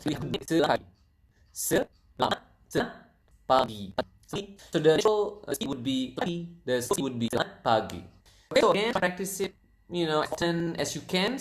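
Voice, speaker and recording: A language teacher giving a casual online lesson, repeating words slowly for listeners to practice. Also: medium pitch. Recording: roomy echo.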